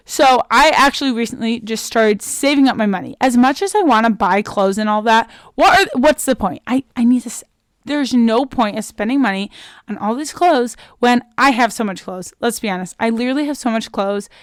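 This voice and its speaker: A young woman in her twenties hosts a solo podcast, chatting earnestly and openly about her feelings. Her voice sits a little high and stays smooth and clear. The sound is dry and close, with no room echo. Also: lively intonation, normal speed. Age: young adult. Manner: chatty and earnest, many "like" fillers; openly emotional, self-motivating. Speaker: podcast host. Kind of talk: casual solo podcast monologue.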